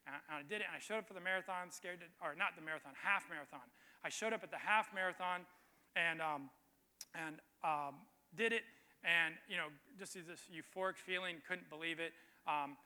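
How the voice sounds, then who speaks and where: Male pastor, slightly high and very bright voice, loose storytelling sermon, long reverb of a church hall. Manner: conversational storytelling with emphatic repetition.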